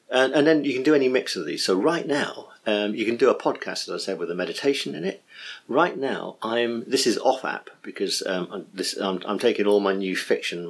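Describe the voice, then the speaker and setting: A man's voice: fairly low pitch, husky. A middle-aged man, teaching a workshop on guiding meditation in an enthusiastic, chatty way. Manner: enthusiastic, chatty, full of praise.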